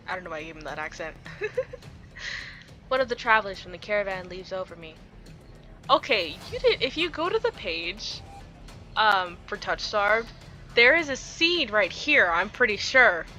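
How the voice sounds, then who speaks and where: Bright-voiced woman reading a game aloud. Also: mid-range voice, sing-song, unhurried, pauses often, faint music behind. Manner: reads the story dramatically, breaks off into giggly asides. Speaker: game streamer. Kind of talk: reading a visual novel aloud with commentary.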